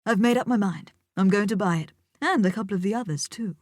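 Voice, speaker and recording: A woman voicing an affected male art collector in an audiobook, with a theatrical, drawn-out manner. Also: medium pitch, no room sound, clean studio sound, lightly acted. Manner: exaggerated, drawn-out pronunciation. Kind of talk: audiobook character voice.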